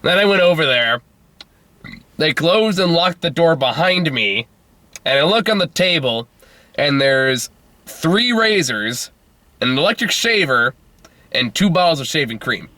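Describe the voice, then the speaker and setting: A man's voice: fairly high pitch, sing-song, a little slow, long pauses, sharp tone, no echo. A man hosting a casual movie review chat, laughing often, going off on tangents and swearing casually.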